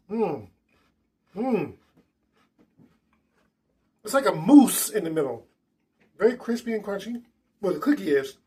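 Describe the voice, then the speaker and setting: A man hosting a casual snack review vlog, chatty and animated, talking straight to his viewers. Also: high voice, breathy edge. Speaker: vlogger.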